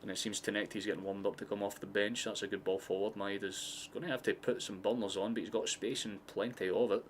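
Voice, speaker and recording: A man with a Scottish accent giving casual, excitable live football commentary, swearing freely and drifting into chatty asides. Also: fairly low pitch, fast talker, hardly any pauses, a little hiss or hum. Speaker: streamer hosting a match watchalong.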